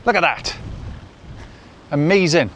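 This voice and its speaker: A man vlogging casually to the camera on a windy coastal hill, chatty and excitable, exclaiming at the weather, talking into a clip-on microphone. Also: a little high, takes it slowly. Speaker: overland travel vlogger. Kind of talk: casual travel vlog talk to camera. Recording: outdoor recording with clear wind noise.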